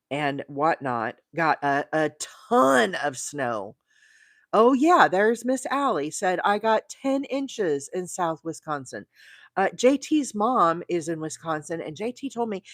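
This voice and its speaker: Southern woman, middle-aged, chatty livestream host, low voice with a lively swing, dry close sound. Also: no room sound. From South Alabama. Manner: chatty, laughs often, greets viewers by name. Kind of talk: casual chat while crocheting live.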